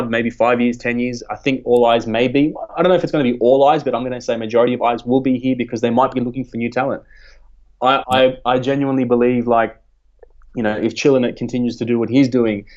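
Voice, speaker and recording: A man's voice: medium pitch, steady tone, fast talker, a little mellow, dull audio. A man chatting as a podcast guest, rambling with many fillers and restarts. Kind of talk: casual podcast chat.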